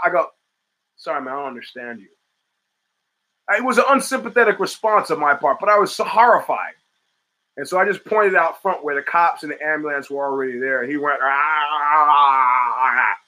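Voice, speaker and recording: Bright-voiced rambling male talk host. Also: fairly high pitch, rough recording. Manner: rambling, profane, reads chat and answers it. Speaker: podcast host. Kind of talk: casual talk show monologue.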